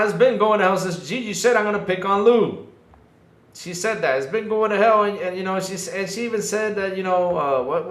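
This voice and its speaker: A livestream podcast host with a high, fairly bright voice trades casual banter with his chat, the sound reverberant. He's playful and mock-whiny, teasing himself, pretending to be hurt, and laughing frequently.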